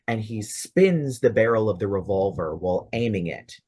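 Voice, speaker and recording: A man running a tabletop role-playing game as game master, narrating scenes in a descriptive, measured way. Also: on the low side, lively intonation, darkish tone, breathy edge.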